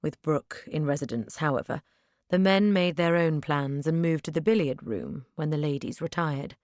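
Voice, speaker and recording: A woman narrating a first-person audiobook in a measured, earnest storytelling manner on a close mic. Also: sits low, a little mellow, no echo.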